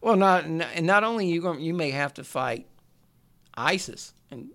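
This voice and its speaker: A man's voice: fairly high pitch, normal speed, creaky. A man co-hosting a casual chat, explaining a story at an easy pace. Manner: relaxed storyteller, explains at length. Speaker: podcast co-host.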